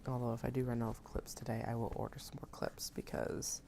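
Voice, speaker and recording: Woman, very low voice, gravelly fry, casual sewing-stream chat, thinking aloud, faint hiss. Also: little pitch movement, a little fast, mellow. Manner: chatty, thinking aloud, self-mocking. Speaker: crafter live-streaming her sewing. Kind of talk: casual chat while working.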